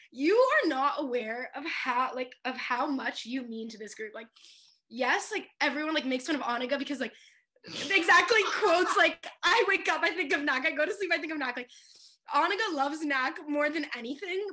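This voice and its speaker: Giving a senior tribute to a friend leaving her a cappella group, a twenty-something woman speaks in a high, pushed, bright voice. Tears and laughter break through her words, which are thick with fillers.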